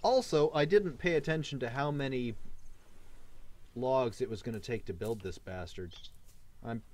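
A man giving playful, jokey let's play commentary with sudden excited shouts. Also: mid-range voice, moderate pace. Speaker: gaming channel host.

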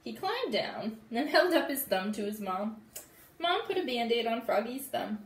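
A woman teacher reading a storybook aloud to children slowly and expressively, adding sound effects. Her pitch moves a lot and sits a little high. The recording sounds roomy, with faint noise behind her. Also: very animated, distant mic. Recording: echoey room with faint background noise.

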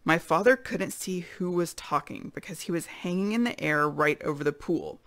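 A woman's voice: fairly low pitch, moderate pace, no room sound. Woman reading a storybook aloud. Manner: expressive storytelling. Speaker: read-aloud narrator. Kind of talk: reading a children's chapter book aloud.

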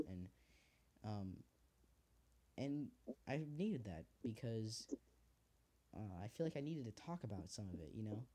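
A man's voice: lowish voice, lively intonation, unhurried, pauses often, dark tone. A teenage man hosting a podcast, talking in casual, heartfelt rambles full of fillers and swearing. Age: teens. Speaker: podcast host. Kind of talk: casual chat.

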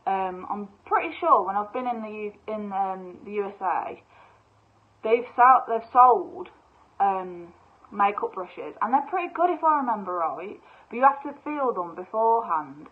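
A young woman, bubbly and excitable, chatting casually through a shopping haul with lots of fillers. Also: mid-range voice, unhurried. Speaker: vlogger. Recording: tinny phone-like sound.

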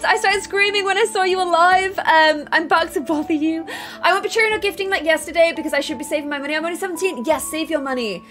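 A young woman streaming a game live, chattering excitably and getting flustered, reading out chat messages between plays. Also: high-pitched, a little fast, soft background music. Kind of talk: live gameplay commentary.

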